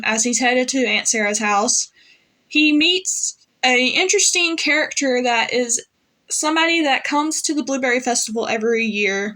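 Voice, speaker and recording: A woman's voice: a little high, fairly bright tone. Chatty woman recapping a TV episode. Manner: chatty, many fillers, paraphrases lines in quotes. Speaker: fan reviewer.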